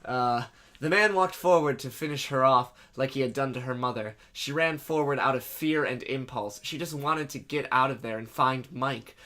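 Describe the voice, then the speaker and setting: A man's voice: medium pitch, normal speed, bright, forceful tone. A man reading fanfiction aloud dramatically, breaking off for jokes and swearing. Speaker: reader and co-host.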